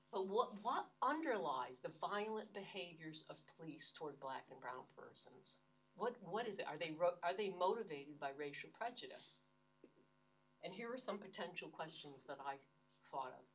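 An older American woman lectures at a university, earnest and emphatic, repeatedly restarting her phrases. Her voice sits low with a slight brightness, recorded from a distance in the lecture hall.

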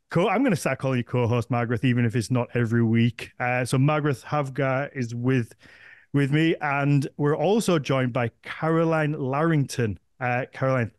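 A man's voice: mid-range voice, no echo, clean studio sound. A man with a Northern English accent hosting a podcast, chatting casually and rambling with frequent restarts. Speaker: podcast host.

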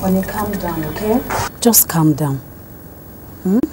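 A woman's voice: on the low side, measured pace, loud music behind the voice, close to an everyday voice, poor audio. An actress playing a proud, protective middle-aged mother who soothes her daughter. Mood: motherly.

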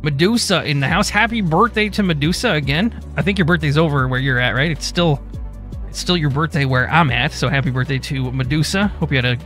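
A man hosting a game live stream, greeting chat by name in a relaxed, easygoing way. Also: a little high, brisk, soft background music. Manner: reads chat names in a relaxed drawl.

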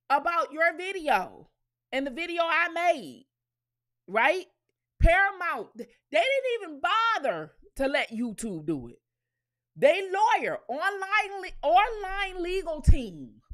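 High, lively woman ranting to camera. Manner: blunt and profane, emphatic repetitions, talks straight to viewers. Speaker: commentary channel host. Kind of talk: animated commentary rant.

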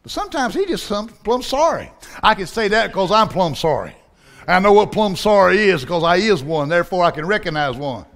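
A man's voice: high voice, sing-song, brisk, fairly bright tone. A man preaching a sermon with a Southern accent, in a folksy, down-home style. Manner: folksy, preaching with dialect and acted-out voices.

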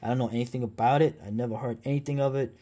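A man's voice: mid-range voice, steady tone, racing, warm tone. A man giving casual, rambling commentary while reacting to a documentary, with a sarcastic streak and plenty of fillers and restarts. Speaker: reaction video host.

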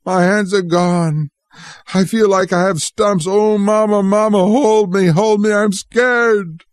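A man's voice: fairly high pitch, unhurried, a little mellow, no room sound, voice pushed up, close to an everyday voice. A man reading a story aloud, voicing a frightened feverish young boy in a pleading, whimpering way.

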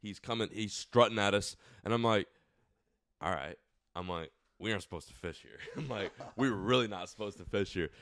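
A man's voice: on the low side, normal speed, dry recording. A young man co-hosting a podcast, telling a story in casual chat, swearing freely and acting out the people in it. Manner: animated, swearing, acts out voices of others. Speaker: podcast co-host.

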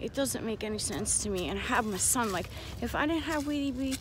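Out on a walk with her child, a New Yorker holds up her phone and speaks straight to her viewers in an earnest, confiding, candid way. Her voice is on the high side, expressive and brisk, with background noise.

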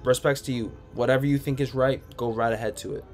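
A man's voice: medium pitch, steady tone, fast, darkish tone, soft background music. A man hosting a casual livestream, reading viewer comments aloud and answering them in a laid-back, rambling way from home. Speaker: sneaker livestream host. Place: home room.

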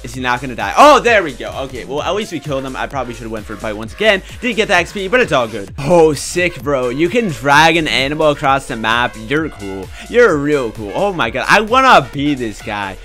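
A young man commentating his own gameplay in a casual, teasing way, dropping to low mutters and then jumping to loud excited yelps. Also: brisk, hardly any pauses, faint music behind. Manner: casual, teasing, trash-talking. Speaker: gaming YouTuber.

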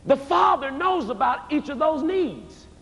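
A man preaching a live revival sermon to a church congregation, emphatic and rhythmic, rising to shouted peaks. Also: very high-pitched, sing-song, unhurried, creaky. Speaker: guest preacher. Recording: reverberant church hall, faint ambience.

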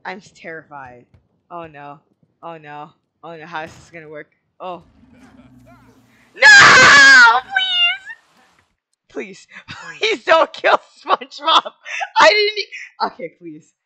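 A woman's voice: on the low side, expressive, a little slow, pushed and bright, slight background noise. A woman hosting casual game commentary, playful and melodramatic, breaking into wailing shrieks between chatty asides. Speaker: gaming channel host.

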